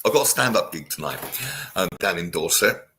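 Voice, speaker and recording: A man's voice: low voice, animated, a little fast, sharp tone, a little hiss or hum. A man hosting a casual chat show, joking with listeners and reading their comments aloud. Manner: jokey, chatty, reads listener comments aloud. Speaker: radio show host.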